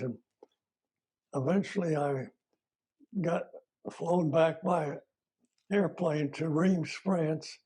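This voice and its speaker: Older veteran man, husky, halting. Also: on the high side, warm tone. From United States. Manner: plain-spoken, halting, with fillers and self-corrections. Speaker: retired army veteran. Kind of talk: oral history recollection.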